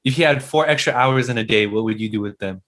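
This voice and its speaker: A man's voice: medium pitch, fast, fairly bright tone. Young guy co-hosting a podcast, teasing his mom, plain mid voice. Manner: playful, teasing. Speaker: podcast co-host. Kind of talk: casual podcast chat.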